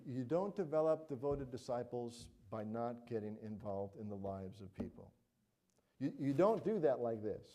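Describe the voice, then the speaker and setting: A man's voice: mid-range voice, warm tone. A middle-aged man preaching a sermon as pastor, earnest and conversational, often checking in with "all right?" and "you know".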